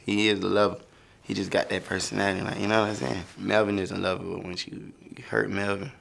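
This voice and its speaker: A man's voice: lowish voice, flat delivery, fairly quick, gravelly, a bit bright. A young man talking casually through his own song lyrics, loose and laughing, slipping into sung lines now and then. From Florida. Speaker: rapper explaining his lyrics.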